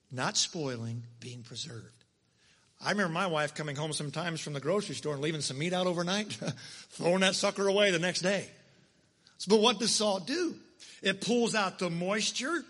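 Preaching man with a bright, husky voice. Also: high-pitched, big-room sound. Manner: conversational preaching with asides and rhetorical questions. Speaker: pastor. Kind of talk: sermon.

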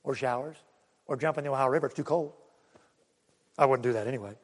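A male pastor preaching a sermon, swinging between loud calls and quiet low asides. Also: fast talker, big-room sound.

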